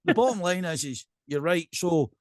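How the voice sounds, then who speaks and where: Scottish guy ranting on a podcast, lively up-and-down voice, bit high, dry sound. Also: moderate pace, no room sound. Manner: animated ranting, keeps asking "right?". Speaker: podcast guest, pipe band drummer. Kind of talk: casual podcast chat.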